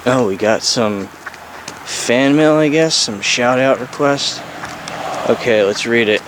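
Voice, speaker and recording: A man's voice: medium pitch, slow pace, a bit bright, a little hiss or hum, poor audio. A man in his thirties talking in a sarcastic, profane, ranting way in a casual vlog.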